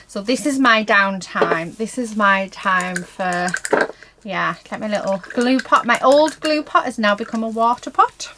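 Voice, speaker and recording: A woman's voice: mid-range voice, expressive, a little slow, pushed and bright, a little hiss or hum, rough recording. A woman chatting casually while she paints a craft project, talking to herself and her viewers and filling her speech with "so yeah" and "um". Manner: chatty, heavy on fillers like "so yeah" and "um". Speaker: crafting vlogger. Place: indoors at a craft table.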